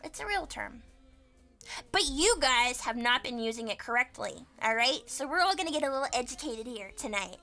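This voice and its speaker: A woman streamer chatting casually with a guest, excitable, swearing freely and laughing often. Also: high voice, moderate pace, soft background music. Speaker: streamer host.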